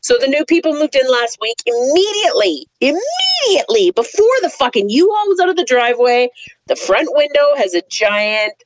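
A woman's voice: sits high, sing-song, a little fast, a little hiss or hum. A woman co-hosting a podcast, venting bluntly with lots of swearing in casual chat, recorded with dry, slightly dull audio. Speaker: podcast co-host.

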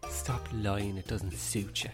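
A man's voice: fairly low pitch, little pitch movement, slow, over music. A man co-hosting a casual chat, joking and rambling with plenty of swearing. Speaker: podcast co-host.

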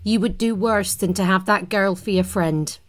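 A woman's voice: mid-range voice, normal speed, lightly acted. Woman playing a tiny stern lady with a staff in a tabletop game, scolding. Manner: stern, admonishing. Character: small stern old-seeming woman with a staff. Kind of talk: in-character tabletop role-play.

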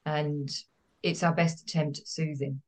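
A woman's voice: deep voice, level tone, unhurried, a little mellow. A woman therapist, speaking as a guest in a podcast interview, explaining earnestly and repeating words for emphasis.

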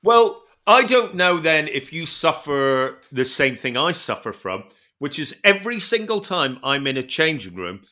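A man's voice: fairly high pitch, very animated, unhurried, bright, forceful tone. A man co-hosting a podcast, trading crude jokes in casual chat. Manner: joking, crude banter. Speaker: podcast co-host.

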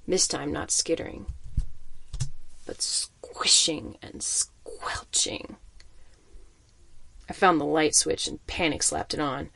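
A man narrating a first-person audiobook story in an expressive, suspenseful manner. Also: on the high side, takes it slowly, gravelly, pauses often, in a whisper.

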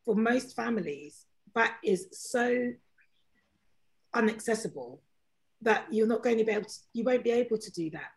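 A woman with a London accent, a regular on a podcast panel, thinking aloud in casual chat with halting restarts. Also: fairly high pitch, expressive, creaky.

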